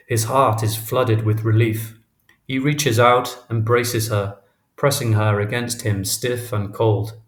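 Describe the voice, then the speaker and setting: A man narrating a literary audiobook in a measured, even reading. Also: medium pitch. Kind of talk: scripted narration. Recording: roomy echo.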